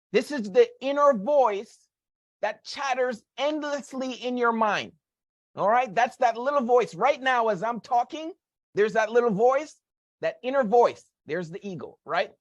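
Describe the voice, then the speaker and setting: A man's voice: very high voice, expressive, measured pace, dry recording. A man giving a motivational lesson on money as a financial educator, talking emphatically, repeating his key points and tagging on rhetorical questions.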